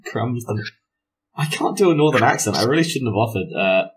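A man's voice: mid-range voice, lively intonation, fairly quick, soft background music. A man running a tabletop game as game master, self-mocking and laughing often as he narrates.

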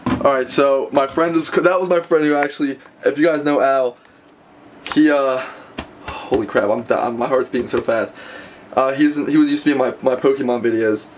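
A man's voice: mid-range voice, steady tone, normal speed, slight background noise. A young man vlogging casually from a messy bedroom, rambling and stammering with lots of restarts. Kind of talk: casual vlog to camera. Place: messy bedroom being packed up.

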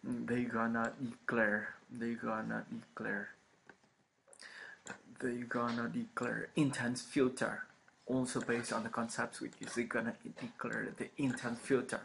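A programming instructor with a gravelly, flat, medium-pitched voice gives a screen-recorded coding lecture. He speaks haltingly, with lots of ums, repeated phrases and frequent okays. The home recording is noisy.

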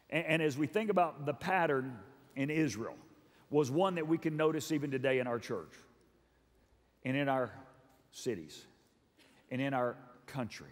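A man's voice: medium pitch, animated, normal speed, long pauses. A middle-aged male pastor preaching a sermon in a church hall, earnest and emphatic, repeating phrases for effect. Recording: long reverb of a large hall.

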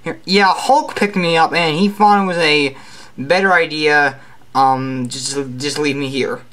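A man's voice: on the high side, unhurried, a bit bright. A man voicing a paralyzed young superhero who mumbles in a whiny, half-whispered way.

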